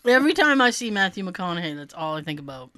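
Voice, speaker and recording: A woman co-hosting a casual chat, animated and sarcastic, laughing often. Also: on the low side, fast. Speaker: podcast co-host.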